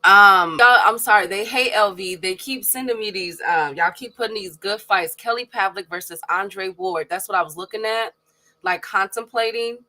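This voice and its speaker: A woman co-hosting a casual boxing talk stream, musing slowly with frequent pauses and fillers. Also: mid-range voice, bright, forceful tone. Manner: slow and musing, many hesitations. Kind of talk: casual live stream banter.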